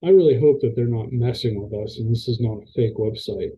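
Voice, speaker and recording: A man's voice: medium pitch, a little fast, warm tone, slightly rough, lo-fi sound. A man hosting a paranormal podcast, talking casually to his camera in a rambling, hesitant way with many fillers and restarts. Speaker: podcast host. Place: indoors at a camera.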